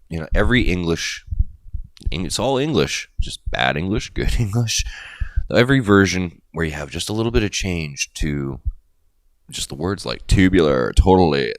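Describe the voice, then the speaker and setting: A man's voice: sits low, lively intonation, normal speed, dry recording. A middle-aged man hosting a crypto video, explaining in a casual, rambling way with jokey asides.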